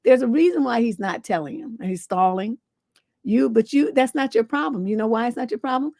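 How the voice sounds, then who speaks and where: A woman's voice: fairly high pitch, a little fast, vocal fry, mellow, dry recording. A woman relationship coach on a livestream advice show, giving blunt, scolding advice with rhetorical questions and salty language.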